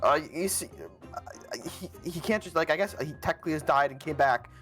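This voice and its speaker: A man's voice: on the high side, faint music behind. A man playing his character in a tabletop game, talking playfully and casually. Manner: playful, lively, quick laughs. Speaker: player. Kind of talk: casual tabletop role-play chat.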